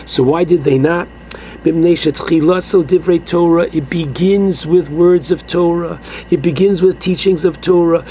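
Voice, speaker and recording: Man, teaching a Torah class; high, unhurried, emphatic delivery, faint noise behind. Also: a little mellow, rough recording. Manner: slow and emphatic, with exclamations like "oh my goodness". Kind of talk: Torah lesson, translating Aramaic phrase by phrase.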